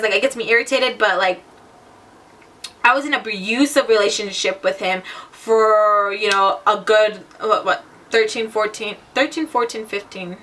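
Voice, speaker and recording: Bright-voiced young woman telling her story. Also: medium pitch, recorded from a distance, a little hiss or hum. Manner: blunt, casual, heavy on "like" fillers and swearing. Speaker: vlogger. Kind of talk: personal storytelling vlog.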